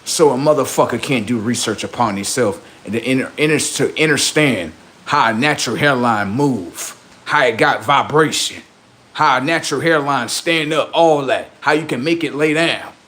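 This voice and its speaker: A man's voice: mid-range voice, moderate pace, a bit bright. A man hosting a livestream, delivering a boastful, heavily profane rant that taunts the people he is mocking. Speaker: livestream host.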